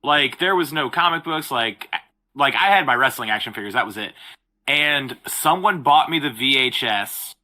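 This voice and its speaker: Very bright-voiced man rambling casually. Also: mid-range voice, animated, normal speed. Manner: loose, rambling. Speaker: guest. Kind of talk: casual chat.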